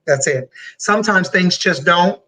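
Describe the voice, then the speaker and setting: A woman hosts a motivational talk show, her voice bright and forceful. She talks in an animated, playful way, teasing and encouraging as she goes. The mic sits a little away from her. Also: lowish voice, a little slow, distant mic, rough recording. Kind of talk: casual motivational chat.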